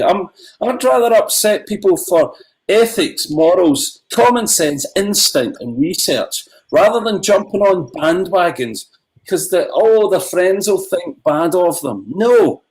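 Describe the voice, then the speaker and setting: A man's voice: high voice, low-quality recording. A middle-aged man on a video call, a filmmaker ranting with passion in a livestream Q&A. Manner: impassioned ranting, animated. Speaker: filmmaker guest.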